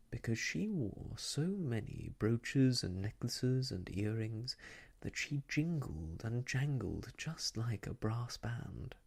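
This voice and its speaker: A man giving a soft ASMR story reading, gentle and slow, sometimes sinking into a whisper. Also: medium pitch, vocal fry, breathy edge.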